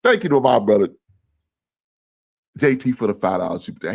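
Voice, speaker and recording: A man hosting a casual livestream, talking with viewers and reading their comments, swinging from low mumbles to loud, cursing, exasperated rants. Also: very animated, fairly quick, vocal fry, husky. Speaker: livestream sports show host.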